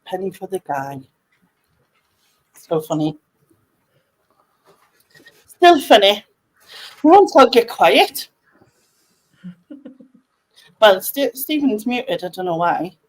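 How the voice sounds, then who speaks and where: A woman's voice: medium pitch, big pitch swings, slow, pauses often, rough recording. A woman with a Sunderland accent runs a casual chat on a video call. She is a chatty, giggly storyteller, talking from home. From North East England. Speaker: channel host.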